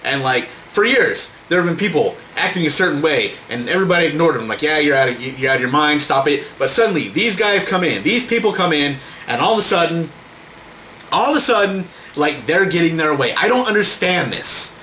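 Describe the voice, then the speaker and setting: An exasperated man rants to his camera, swearing freely and stumbling over repeated words. His voice is bright and forceful, swings widely in pitch, and sits a little high. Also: big pitch swings, brisk, slight background noise, poor audio. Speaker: vlogger. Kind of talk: heated rant to camera.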